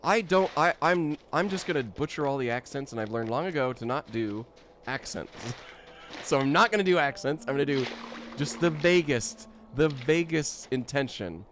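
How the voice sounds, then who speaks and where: A man's voice: medium pitch, lively intonation, normal speed, a bit bright, a little hiss or hum. A man streaming a game, chatting casually and playfully, often giggling and joking to himself.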